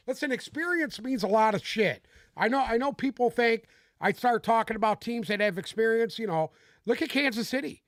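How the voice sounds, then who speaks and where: A man's voice: extremely high pitch, big pitch swings, normal speed, a bit bright, no room sound. A man co-hosting a sports podcast in casual debate, ranting in an emphatic, exasperated and profane way. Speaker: podcast co-host.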